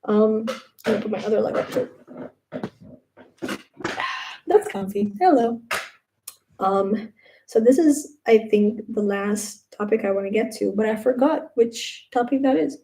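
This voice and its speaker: A young woman on a casual live stream chats from her room at home, her mellow, warm, fairly high voice drifting unhurriedly from one thought to the next with long pauses. She turns animated when quoting other people, then eases back into relaxed talk. There's slight background noise.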